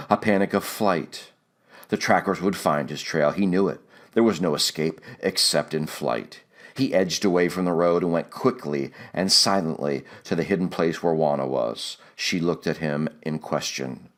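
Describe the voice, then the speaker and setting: A man reading a novel aloud as an audiobook narrator, measured and steady. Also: low-pitched.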